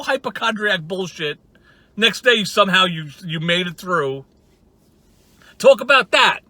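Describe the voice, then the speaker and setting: Sarcastic, cursing guy with a bright voice. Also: high voice, lively intonation, a little slow, no echo. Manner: profane, sarcastic, rambling. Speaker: channel host. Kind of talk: casual ranting commentary.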